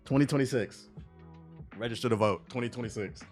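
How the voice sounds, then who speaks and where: With faint music in the background, a young man speaks briskly at medium pitch while hosting a livestream. He reads chat aloud, cracks jokes and curses, all in an animated, casual way.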